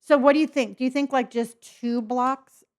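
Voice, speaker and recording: A woman's voice: sits high, fairly even intonation, moderate pace. A woman from California, with a faint Southern lilt in her otherwise neutral accent, chatting casually with viewers on a live stream. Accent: slight Southern lilt mixed with neutral Californian. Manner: chatty and friendly, talks to pets and chat.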